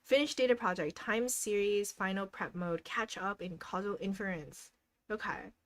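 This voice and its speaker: A woman's voice: medium pitch, normal speed. Upbeat encouraging young woman. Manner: upbeat and encouraging, reads out viewers' goals; giggles often between remarks. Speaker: livestream host. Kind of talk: casual live-stream chat.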